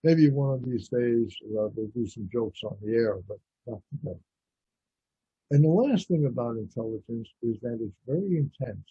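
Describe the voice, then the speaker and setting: A man's voice: mid-range voice, animated, moderate pace, slightly rough, no echo. A man hosting a radio talk show, talking in a rambling, blunt and opinionated monologue. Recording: dull lo-fi radio audio.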